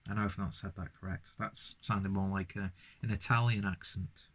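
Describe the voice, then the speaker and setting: Male beer vlogger, slightly low voice, loose rambling delivery. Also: fairly even intonation, moderate pace, fairly bright tone. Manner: rambling, lots of fillers and restarts. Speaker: beer reviewer. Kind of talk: casual beer review vlog.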